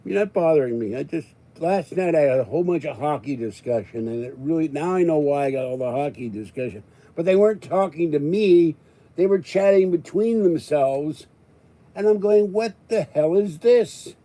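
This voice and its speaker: A man's voice: a little high, a little fast, dark tone, rough recording. An older man hosting a live stream, rambling to his chat and reading viewer comments, his voice rising in exasperation and then settling. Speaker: livestream host.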